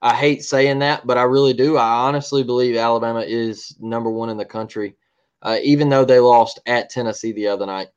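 A man's voice: medium pitch, fairly even intonation, brisk, smooth, lo-fi sound. A man co-hosting a sports podcast, ranting in a heated, repetitive way and often asking "all right?". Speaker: podcast co-host.

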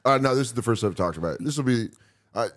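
Deep-voiced, animated man joking. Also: quick pace. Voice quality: deep, rich, booming voice. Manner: self-deprecating, jokey. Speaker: guest comedian. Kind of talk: casual podcast chat.

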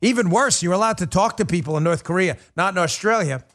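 High-pitched, emphatic male podcast host. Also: animated, fast talker, a bit bright. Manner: emphatic, repetitive, indignant. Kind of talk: political commentary monologue.

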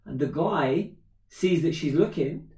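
A man in his thirties, a podcast co-host, telling a story in casual chat, animated and swearing freely. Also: on the high side, measured pace. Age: 30s. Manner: animated, swears freely, acts out quoted voices. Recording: roomy echo, distant from mic.

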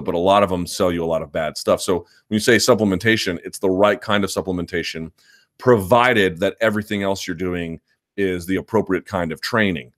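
A man hosting a live chat, answering viewer questions in a rambling, self-assured way, often restarting his sentences. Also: sits low. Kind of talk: live chat, casual and opinionated.

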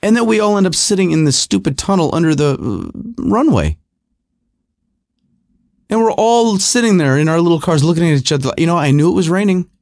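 A man's voice: fairly high pitch, sing-song, fairly quick, creaky, a little mellow, dry recording, clean studio sound. Wry, rambling man in a garage. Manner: digressive, wry, self-deprecating. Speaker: podcast host. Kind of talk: rambling casual monologue. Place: home garage.

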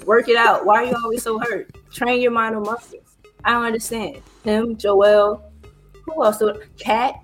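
A woman's voice: a little high, fairly even intonation, normal speed, faint music behind. A woman co-hosting a casual podcast chat, ranting bluntly. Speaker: podcast co-host.

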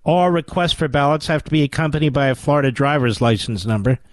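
A man's voice: on the high side, fairly even intonation, fast, no echo. Sardonic talk radio man, Philly accent. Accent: Philadelphia. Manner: sarcastic, combative, mocking. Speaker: radio talk show host.

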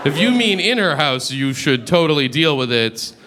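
A man performing a stand-up comedy set in a club, telling stories in a deadpan, dry manner and acting out other people's lines. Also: fairly high pitch, moderate pace. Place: comedy club stage before a live audience. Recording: live club recording with audience noise.

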